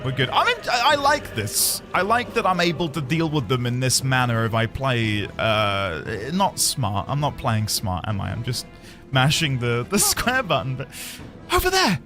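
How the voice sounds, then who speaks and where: A man's voice: medium pitch, big pitch swings, normal speed, fairly bright tone. A man streaming a video game, chatting casually with viewers in a rambling, jokey way. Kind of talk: casual gaming commentary. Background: game music.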